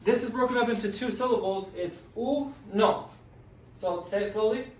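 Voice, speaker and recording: A man's voice: sits high, fast talker. A man teaching a classroom language lesson, patiently sounding out words and encouraging his students. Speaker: Spanish teacher. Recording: echoey room, distant mic.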